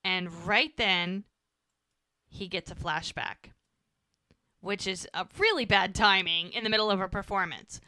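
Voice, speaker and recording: A woman with a bright, forceful voice recaps an episode in casual chat, acting out the characters' lines as she goes. The sound is close and dry, with no room around it. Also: medium pitch, unhurried, long pauses, smooth, dry recording. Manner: animated retelling, quotes characters' lines. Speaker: podcast co-host recapping an episode.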